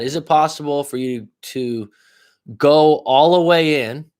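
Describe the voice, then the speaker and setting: On a livestream, a life coach offers casual advice at normal speed, blunt and laced with profanity. He speaks directly to one viewer, alternating between loud emphasis and low asides.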